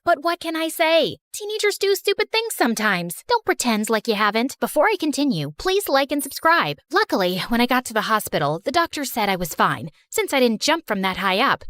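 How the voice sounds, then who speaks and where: Expressive woman narrating a story. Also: fairly high pitch, no room sound, clean studio sound. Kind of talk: scripted first-person story narration.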